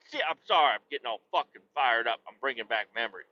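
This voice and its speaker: High, bright-voiced man ranting on a podcast. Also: sing-song, fast, hardly any pauses, muffled recording. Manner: swears constantly, works himself up into shouting tirades. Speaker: podcast host. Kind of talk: casual profane storytelling rant.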